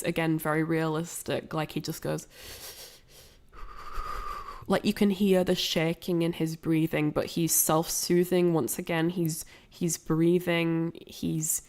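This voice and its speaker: A woman's voice: lowish voice, darkish tone. A woman giving a casual, rambling film commentary, full of fillers and restarts. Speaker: streamer analysing a film.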